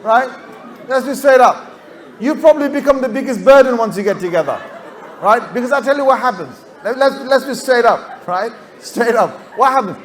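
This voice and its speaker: A man speaking as an Islamic scholar to young students, animated and rhetorical, often checking in with "right?" and acting out everyday characters. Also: very high-pitched, brisk. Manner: acts out everyday characters with playful voices. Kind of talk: lively talk to a youth audience.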